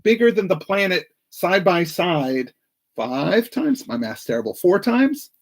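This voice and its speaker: A man's voice: high-pitched, sing-song, unhurried. A man co-hosting a live watch-along show, wryly recapping the plot.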